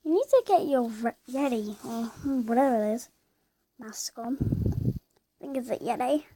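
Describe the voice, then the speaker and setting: A woman's voice: a little high, expressive, moderate pace, mellow. A woman chatting over her own gameplay, sing-song and rambling, often dropping to whispered asides. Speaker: gamer narrating her play. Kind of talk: casual gameplay commentary.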